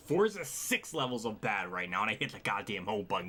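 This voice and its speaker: A man's voice: on the low side, sing-song, fairly quick, sharp tone, slight background noise. A male streamer giving live gameplay commentary, frustrated, swearing and sighing often.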